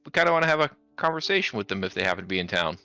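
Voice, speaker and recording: Man, very deep voice, gravelly, bright and forceful tone, dry sound. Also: big pitch swings, very fast, dry recording, soft background music. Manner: polite, apologetic, stumbles over names. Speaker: player. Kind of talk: tabletop role-play.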